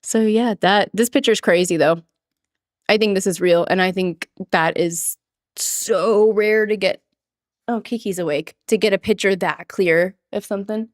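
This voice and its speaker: A giggly, chatty woman livestreaming to her viewers through a desk microphone. Her voice sits in a middle pitch, and she breaks off now and then to mimic a quoted line in a higher voice. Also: a little slow, dry recording, clean studio sound. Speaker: streamer. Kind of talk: casual livestream chat.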